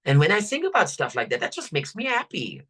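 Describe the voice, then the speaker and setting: An older woman coach, leading listeners through affirmations in a slow, soothing, drawn-out way. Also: lowish voice, huge pitch swings, a bit bright. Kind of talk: guided affirmation talk.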